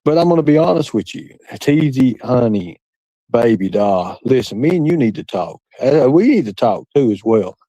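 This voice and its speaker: A man's voice: medium pitch, very animated, normal speed, dark tone, no room sound, muffled recording. A man hosting a livestream, chatting with his audience in a crude, boastful, rambling way and laughing often. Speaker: livestream host. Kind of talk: casual chat with a live audience.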